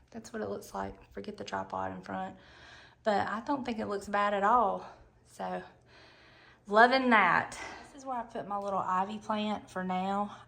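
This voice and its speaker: A middle-aged woman with a Southern American accent, chatting casually to camera in an excitable, drawn-out way. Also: mid-range voice, slight background noise. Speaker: lifestyle vlogger.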